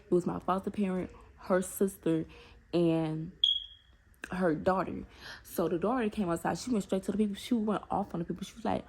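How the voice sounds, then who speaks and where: A young woman, telling a personal story to her viewers in a casual, animated way with many asides to them. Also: on the low side, fairly quick, husky. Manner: animated, talks straight to viewers with repeated asides. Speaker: storytime vlogger.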